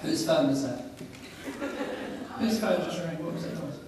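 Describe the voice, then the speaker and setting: Guy doing rambly standup at a convention, noisy far-off hall recording, bit higher voice. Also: animated, normal speed. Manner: rambling anecdotal banter with the audience. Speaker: stand-up guest at a fan convention. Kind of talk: stand-up comedy storytelling.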